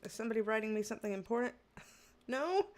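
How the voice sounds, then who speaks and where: A high-voiced woman in her thirties chats casually on a livestream, reading viewer comments aloud. She laughs often and tells stories with exasperated humor. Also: lively intonation, fast talker, darkish tone. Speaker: tarot livestream host.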